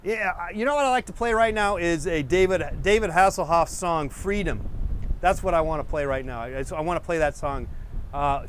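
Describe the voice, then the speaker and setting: A middle-aged man with a slightly high, clear, resonant voice hosts a painting show. He rambles easygoingly to viewers, digressing and drifting from one story to the next.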